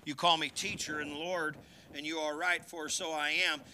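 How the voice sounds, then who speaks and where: A man preaching at a church service, with a high, very bright and forceful voice. He mixes folksy, joking asides into his scripture reading, and he gets louder and higher when he exhorts the congregation. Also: little pitch movement, moderate pace, slight background noise. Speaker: pastor. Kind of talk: sermon.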